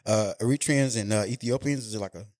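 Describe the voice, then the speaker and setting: A man's voice: lowish voice, fast talker, a little mellow, no echo. A man hosting a podcast in casual chat, talking loose and slangy and often asking "you know what I mean". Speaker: podcast host.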